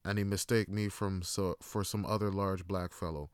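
A man's voice: low-pitched, level tone, moderate pace, smooth, no echo, studio quality. A young man telling profane, laughing stories in a casual monologue, acting out other people's lines. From Toronto, Canada. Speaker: podcast host.

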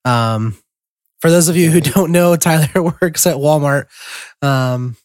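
A young man co-hosting a podcast, rambling through a casual story with lots of ums, throat-clearing and chuckles. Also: a little high, measured pace, a little mellow, dry recording, studio quality. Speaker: podcast co-host.

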